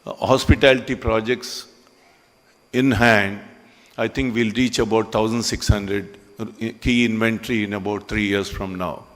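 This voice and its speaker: A man giving a ceremony speech in a hall, conversational and halting with frequent pauses. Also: lowish voice, steady tone. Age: 60s. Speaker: business owner speaking at a ceremony.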